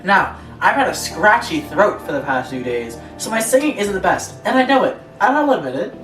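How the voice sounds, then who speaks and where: Reading online posts for a relaxed chat she co-hosts, this young woman speaks in a lowish, sing-song, brisk voice with a fairly bright tone. She giggles often and breaks into laughing asides. Music plays behind her in an echoey room, and she's far from the mic.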